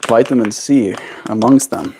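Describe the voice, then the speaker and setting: A man's voice: mid-range voice, unhurried, mellow, a little hiss or hum. A man streaming casual chat while cooing affectionate baby talk to his pet bird at home.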